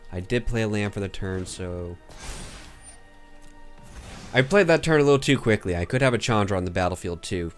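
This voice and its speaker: A man's voice: fairly low pitch, lively intonation, normal speed, pauses often, soft background music. A man streaming a card game, commenting casually and thinking aloud as he plays, sometimes counting under his breath.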